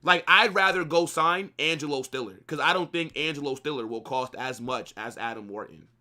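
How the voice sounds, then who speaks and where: A young man, co-hosting a live football watch-along, opinionated and animated, swearing casually and dropping slang. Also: a little high, moderate pace.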